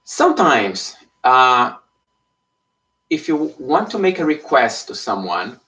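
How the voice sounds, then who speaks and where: A man's voice: mid-range voice, very animated, slow, bright, forceful tone. A man teaching an online Spanish lesson in English, explaining patiently and checking in with frequent "okay?". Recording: voice somewhat far from the mic.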